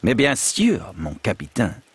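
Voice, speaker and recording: An actor playing a proud, flattering gunsmith with a French accent, in a video game. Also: male voice, fairly low pitch, unhurried, slightly rough, exaggerated voice. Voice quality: fawning, theatrical salesman manner.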